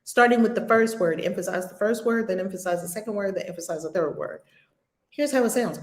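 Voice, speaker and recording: A woman leading a spiritual lesson, speaking slowly and with emphasis and repeating phrases like a mantra. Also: medium pitch. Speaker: spiritual teacher. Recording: roomy echo.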